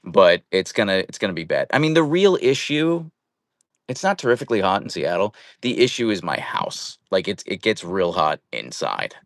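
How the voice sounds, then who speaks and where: A man's voice: sits low, sing-song, normal speed, no room sound, clean studio sound. A young man hosting a casual live stream from home, chatting playfully and greeting viewers by name. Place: at home, indoors.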